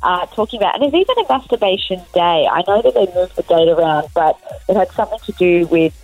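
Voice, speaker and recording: A woman's voice: fairly low pitch, expressive, fast talker, darkish tone, dry recording, soft background music, rough recording. A woman, speaking frankly as an expert guest on a radio talk show. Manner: articulate, explaining frankly. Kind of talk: radio discussion.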